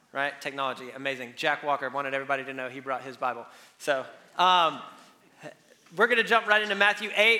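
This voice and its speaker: A high-pitched man preaching in a church. His voice is bright and forceful, and he keeps the sermon casual and full of jokes, acting out the disciples in the boat. It moves from a quiet opening prayer into lively teaching. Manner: casual and joking, acts out the disciples. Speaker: pastor. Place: church hall.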